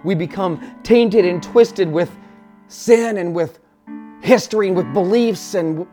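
A man preaching a sermon as pastor, talking through a story and building to impassioned, near-shouted declarations. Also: high-pitched, measured pace, faint music behind.

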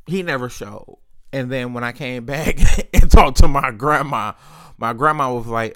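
A man in his late thirties tells a personal family story in a loose, conversational way. His voice is smooth and clear, recorded close with no room sound, and he swears freely and acts out the other people in the story. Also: mid-range voice, unhurried, a bit bright, no echo. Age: 30s. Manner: candid, profane, acts out quoted voices. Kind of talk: casual storytelling.

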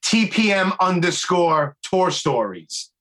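A man's voice: high voice, big pitch swings, takes it slowly, fairly bright tone. A man hosting a podcast in casual chat, slangy and swearing a lot, calling his guest "dude". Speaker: podcast host.

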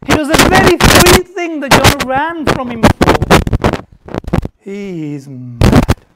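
Emphatic male preacher over heavy noise. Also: very high-pitched. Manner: emphatic, conversational, pauses for effect. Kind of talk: sermon. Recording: loud background noise.

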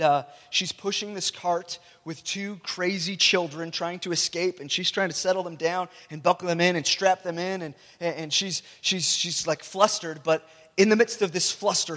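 A man's voice: a little high, fairly bright tone. A male pastor preaching a sermon in a loose, conversational way, often restarting his words. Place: church hall. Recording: long hall reverb.

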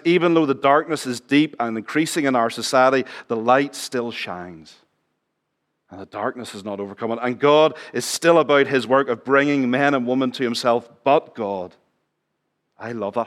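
A middle-aged man preaching a sermon in church, chatting with the congregation, asking them questions and dropping his voice low for emphasis. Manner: conversational, asks the congregation questions, drops to near whisper for emphasis. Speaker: pastor.

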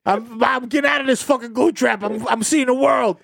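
A man voicing a reckless, cocky young male cockroach who talks with brash, shouting bravado. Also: very high-pitched, fairly even intonation, a little fast, vocal fry, no room sound, studio quality, full character voice. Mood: defiant.

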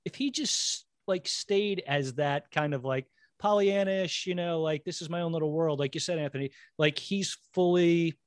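Man, slightly high voice, dry studio sound, casual movie chat. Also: normal speed, few pauses, no echo. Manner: animated, laughs, mimics characters. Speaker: podcast host. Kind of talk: casual film discussion.

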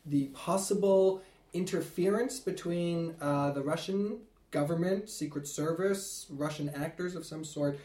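A man co-hosting a podcast who speaks in a measured way, hedging and adding caveats. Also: fairly high pitch, warm tone. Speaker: podcast co-host. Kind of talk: casual discussion. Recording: roomy echo.

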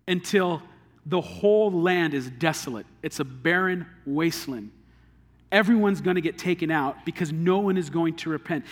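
A man's voice: a little high, long reverb tail. A man preaching a sermon in an earnest, conversational way, drawing on everyday illustrations. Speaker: pastor.

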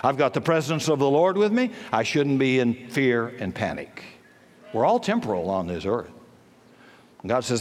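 A man's voice: medium pitch, animated, moderate pace. An older man preaching a sermon, telling stories and building to fervent emphasis. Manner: storytelling, rising to fervent emphasis. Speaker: pastor. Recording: long hall reverb.

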